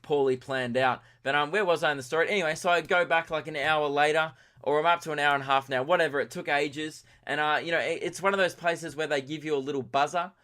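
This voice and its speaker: Bright, tired young man rambling. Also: on the high side, steady tone, fast talker, few pauses. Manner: rambling, self-deprecating, tangent-prone. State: tired from lack of sleep. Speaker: podcast host. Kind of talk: solo comedic rambling.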